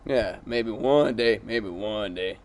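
A man's voice: lowish voice, takes it slowly. A man who swears a lot, teases, and laughs often in casual podcast banter. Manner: profane, teasing, laughing often. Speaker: podcast co-host.

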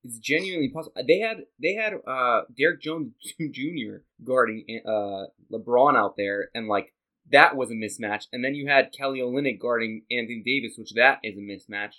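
Eager young man talking basketball. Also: medium pitch. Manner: eager, quick questions and excited asides. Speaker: podcast co-host. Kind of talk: casual sports podcast chat.

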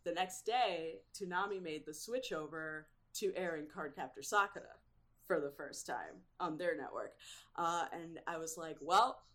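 A woman chatting as a guest in a casual interview, animated and quick to laugh, with lots of fillers. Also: low voice.

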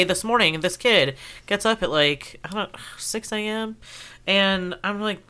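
A woman's voice: lowish voice, sharp tone, clear, resonant tone. A woman co-hosting a podcast in casual chat, a little nasal from allergies and a dry mouth, talking in a chatty, rambling way. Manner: chatty, drawn-out storytelling with many "like"s. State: dry mouth, swollen sinus. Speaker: podcast co-host.

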